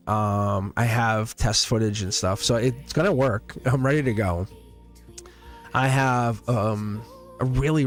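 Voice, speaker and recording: Rambling, earnest man hosting live tarot. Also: mid-range voice. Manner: rambling and earnest, with many fillers and restarts; laughs often between thoughts. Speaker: tarot reader hosting a livestream. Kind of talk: casual livestream chat.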